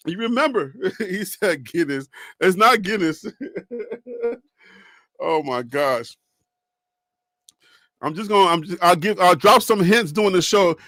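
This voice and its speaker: Laughing, high-voiced New man host. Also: lively intonation, unhurried, pauses often, sharp tone, no echo. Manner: laughs often, talks straight to viewers. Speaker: sports show host. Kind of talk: casual live-stream chat.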